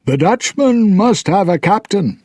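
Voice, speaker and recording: A man's voice: high voice, lively intonation, unhurried, a little mellow, dry recording, voice pushed up. A man doing a weathered old pirate father. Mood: sincere.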